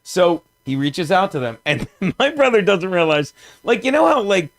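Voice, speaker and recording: On a podcast, a South Jersey comedian in his fifties laughs his way through a meandering story. He has a high, sing-song voice at a moderate pace, and the recording is dry.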